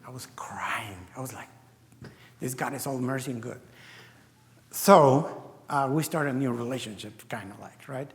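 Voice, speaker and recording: A man's voice: mid-range voice, measured pace, pauses often. A man from Mexico gives an earnest personal testimony to a conference, acting out his own past dialogue as he tells it. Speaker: business founder giving a testimony. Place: large conference hall. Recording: reverberant conference hall.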